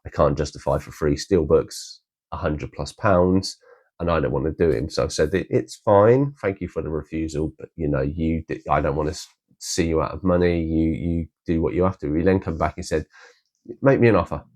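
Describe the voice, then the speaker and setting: A man's voice: extremely low pitch, fairly even intonation, a little fast, darkish tone. A man rambling casually with many restarts, showing off his collection in a vlog. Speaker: collector vlogger.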